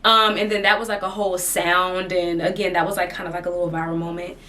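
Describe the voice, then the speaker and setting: A woman's voice: fairly low pitch, level tone, quick pace, pushed and bright, distant mic. A woman vlogging casually from her sitting area at home, chatty and laughing often between thoughts. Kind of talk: casual chat to camera.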